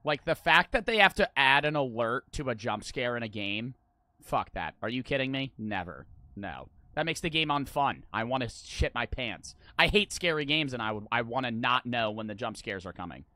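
Excitable, swearing gaming streamer guy. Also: mid-range voice, moderate pace, no room sound. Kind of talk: gameplay commentary. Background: game music.

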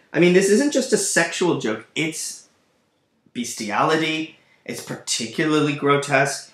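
A man's voice: on the high side, animated, unhurried, fairly bright tone. A man teaching a literature lesson, thinking aloud and speaking directly to his students as he explains a play. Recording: echoey room.

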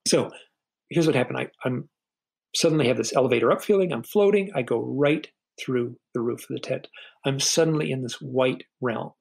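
A middle-aged man, a podcast guest, telling a personal story in an earnest, halting way, often repeating a word as he starts a sentence. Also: mid-range voice, gravelly, a little mellow, husky, poor audio.

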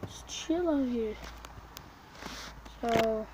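Woman vlogger, fairly high voice, jumpy, whispers then exclaims, noisy handheld sound. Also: drawn-out words. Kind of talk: playful make-believe vlog. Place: in and around a car.

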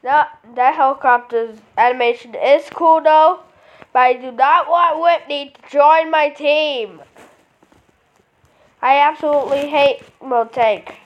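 A woman commenting casually on a mobile game, excitable and full of dramatic protests. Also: sits high, measured pace, highs cut off. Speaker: game player.

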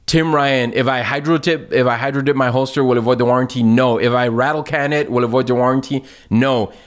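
A man's voice: mid-range voice, fairly even intonation, brisk. A man answering viewer questions in a casual, laid-back chat, often saying "man" and "dude" and laughing a lot.

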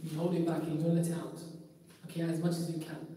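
A man's voice: fairly high pitch, little pitch movement, quick pace, warm tone. A man teaching a class, repeating and rephrasing each point and quizzing his students as he goes. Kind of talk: classroom lesson with questions to students. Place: large echoing mosque hall. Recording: roomy hall echo, distant mic.

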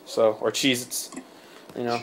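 A man's voice: medium pitch, flat delivery, measured pace, a bit bright, a little hiss or hum. Rambling male podcast host, lots of fillers. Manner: rambling, many fillers, swears and laughs often. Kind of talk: casual chat.

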